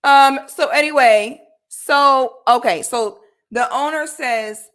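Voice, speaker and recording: A woman vlogger telling a personal story to camera in casual, slangy speech. She acts out the people in her story with animated quotes. Her voice sits fairly high and sounds bright and forceful. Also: slow pace.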